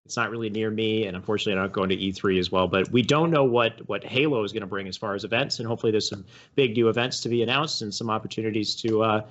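A man hosting a casual stream interview in a relaxed, friendly way. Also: on the low side, quick pace, hardly any pauses, lo-fi sound. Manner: relaxed, friendly, laughing easily. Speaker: host.

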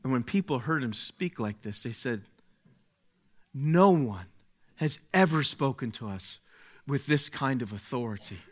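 A male pastor preaching a sermon slowly and emphatically, with dramatic pauses and rising swells of volume. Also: mid-range voice, animated.

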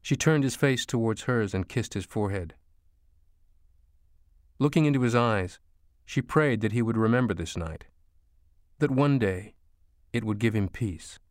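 A man reading an audiobook as narrator, slow and hushed storytelling. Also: medium pitch, no room sound, clean studio sound. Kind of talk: scripted narration.

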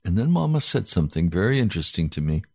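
Animated man preaching a sermon. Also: sits low, fast, gravelly, slightly rough, no echo, clean studio sound. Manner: animated storytelling. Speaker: pastor.

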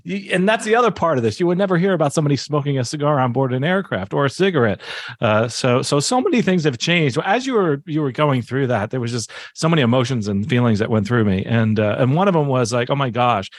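A man's voice: mid-range voice, lively intonation, quick pace, no echo. A man with a mid-range voice, recorded dry and close, reacts to a guest's story with open enthusiasm. He talks casually, restarting his sentences and padding them with fillers. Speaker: podcast host. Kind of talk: casual interview chat.

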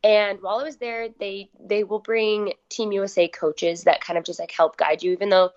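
A young woman guest in her twenties, a little hoarse, chatting casually with lots of "like" fillers. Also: mid-range voice, steady tone, normal speed, highs cut off. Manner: chatty, filler-heavy, uses "like" a lot. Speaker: guest athlete. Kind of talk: casual interview chat.

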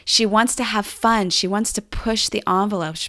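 A woman hosting a podcast, telling a family story with animated enthusiasm. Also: mid-range voice, normal speed. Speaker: podcast host.

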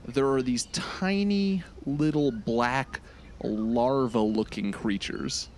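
A man at a tabletop game narrating his character's actions vividly, building suspense slowly. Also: medium pitch, a little mellow, slight background noise. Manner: dramatic storytelling with slow suspenseful build. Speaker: player.

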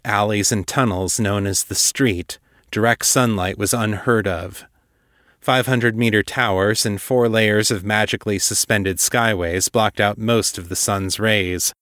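Male podcast host, low register, dry close recording, reading fantasy fiction with steady deliberate pacing. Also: dry recording. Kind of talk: scripted narration of a dark fantasy story.

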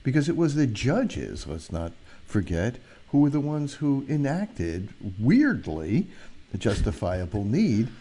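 A man's voice: mid-range voice, big pitch swings, measured pace, dark tone, husky. A man co-hosting a radio talk show, chiming in with agreement and sarcastic remarks. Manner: agreeing interjections, sarcastic asides. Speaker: radio co-host.

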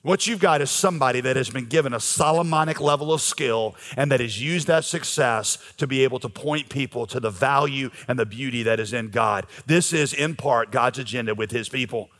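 A man's voice: mid-range voice, fairly quick, hardly any pauses, a bit bright. A man preaching a sermon as pastor, talking conversationally with frequent fillers. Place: church sanctuary. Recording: long reverb of a large hall.

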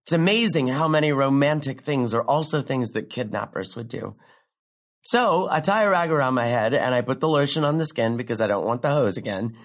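A young woman playing a brash comic who delivers a rambling, sardonic, profane stand-up story with big leaps in pitch. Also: animated, brisk. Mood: wry. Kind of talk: stand-up comedy monologue in a drama.

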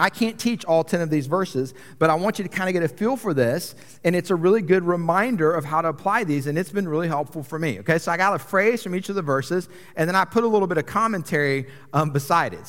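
A young man preaching a casual, conversational sermon as a pastor, with a joking, self-deprecating manner. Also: on the high side. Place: church sanctuary. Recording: long reverb of a large church hall.

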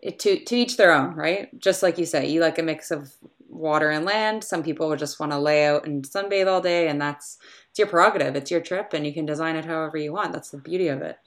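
A woman's voice: sits low, brisk. A woman hosting a podcast interview, chatting in a friendly, agreeable way with her guest. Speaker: podcast host. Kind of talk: casual interview chat.

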